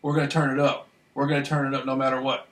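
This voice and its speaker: A man recording a rambling, excited monologue, repeating himself and often asking if you follow him. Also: medium pitch, quick pace, echoey room, distant mic. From Michigan, United States. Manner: excited, repetitive, keeps asking "you know what I mean". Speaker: vlogger.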